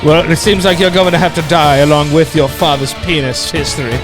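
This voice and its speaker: A man's voice: on the high side, fairly even intonation, a little fast, over music, voice pushed up, natural voice. A man playing a gloating spy. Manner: gloating, taunting. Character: smug American agent man in a nice suit.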